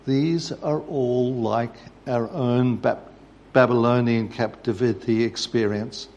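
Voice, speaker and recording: A man preaches a sermon at a slow, deliberate pace. His voice sits at a middle pitch and takes its time. He tells stories in a measured, steady way. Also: dull audio. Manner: measured storytelling.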